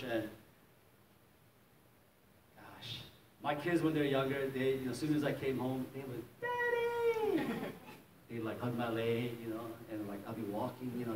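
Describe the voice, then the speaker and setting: A man's voice: mid-range voice, a little mellow, slight background noise. Man pastor, storytelling sermon, chuckling, echoey hall, distant mic, faint ambience. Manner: storytelling, chuckling often, acting out quotes. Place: church hall.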